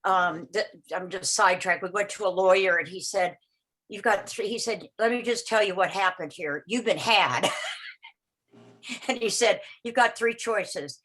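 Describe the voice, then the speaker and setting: A woman's voice: medium pitch, a bit bright, rough recording. Older woman telling a rambling personal story. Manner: rambling, halting, with many restarts and repeated words; acts out the voices of people in her story. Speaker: meeting participant sharing a story. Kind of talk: personal storytelling on a video call. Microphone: video call.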